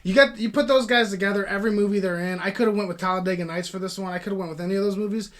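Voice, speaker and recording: A man's voice: high voice, very fast, fairly bright tone. A man co-hosting a movie channel, joking around in casual chat with a friend. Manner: joking, brash.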